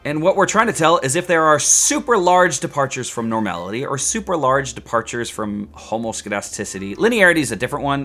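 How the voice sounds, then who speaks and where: A man's voice: medium pitch, pushed and bright. A man teaching statistics in a casual video lecture, chatty and joking, with rants and self-mocking asides. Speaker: statistics instructor.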